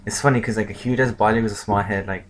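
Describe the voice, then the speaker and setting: A man's voice: lowish voice, steady tone, quick pace, slight background noise, low-quality recording. A man casually retelling a manga chapter as a reviewer, rambling and full of filler words.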